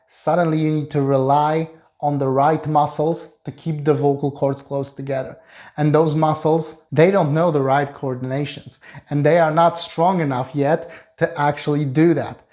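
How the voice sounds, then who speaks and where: A man who is a vocal coach, explaining singing technique in a calm, instructive way. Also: on the high side. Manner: explains calmly, then sings short staccato and fry demonstrations. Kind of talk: singing lesson with sung demonstrations.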